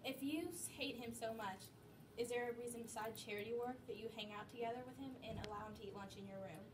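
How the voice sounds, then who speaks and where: Fast-talking woman interviewer far off. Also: fairly high pitch. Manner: quick, direct questions. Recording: far off mic, heavy background noise.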